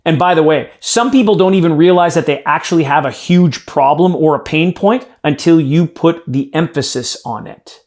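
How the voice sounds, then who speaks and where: A man's voice: on the high side, normal speed, few pauses, darkish tone. A man running a live sales training, coaching a group emphatically and addressing them directly.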